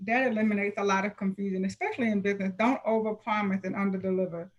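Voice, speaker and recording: A woman's voice: mid-range voice, fairly even intonation, fast, muffled recording. A woman hosting an online panel on a video call, affirming her guests and moving the session along. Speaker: host.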